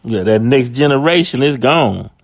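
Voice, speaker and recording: A man hosting a casual radio talk, affirming his guest and speaking in an unhurried way. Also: mid-range voice, lively intonation, creaky. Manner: affirming, says "right" a lot, unhurried.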